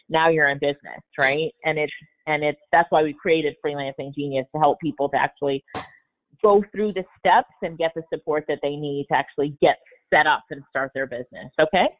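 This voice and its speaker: A woman hosting a live Q&A coaching session on a video call, upbeat and motivational. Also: low voice. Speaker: webinar host. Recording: tinny phone-like webinar audio.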